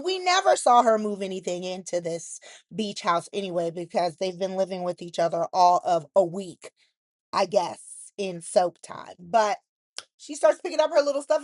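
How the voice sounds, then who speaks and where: Woman, soap recap host, sassy and opinionated, higher voice, dry recording. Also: dry recording. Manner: blunt, sassy commentary with frequent "like".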